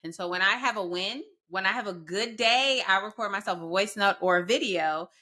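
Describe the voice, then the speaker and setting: A woman's voice: medium pitch, fairly quick, sharp tone. A woman hosting a podcast interview, asking questions and sharing advice in an earnest, affirming way, with long run-on thoughts. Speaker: podcast host.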